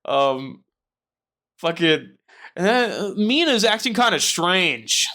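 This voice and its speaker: A man's voice: high-pitched, sing-song, slow pace, sharp tone. A man hosting a casual book podcast, swearing a lot and joking as he sums up the chapter. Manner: profane, jokey, acts out characters in quotes. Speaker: podcast host.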